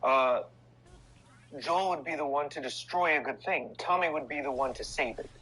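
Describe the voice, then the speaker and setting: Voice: mid-range voice, fairly bright tone, a little hiss or hum, low-quality recording. A speaker explaining and correcting others in a casual debate, with many restarts. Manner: quick to correct, hesitant restarts.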